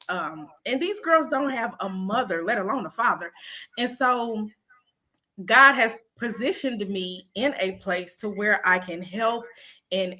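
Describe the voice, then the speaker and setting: A woman mentor speaks earnestly and from the heart in a casual chat. Her voice is bright and forward. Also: mid-range voice. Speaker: program assistant and mentor.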